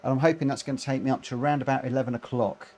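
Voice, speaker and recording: A man's voice: medium pitch, little pitch movement, very fast, darkish tone. A man streaming a racing game, reading chat aloud and chatting with lots of fillers, a little short of breath. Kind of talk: live stream commentary.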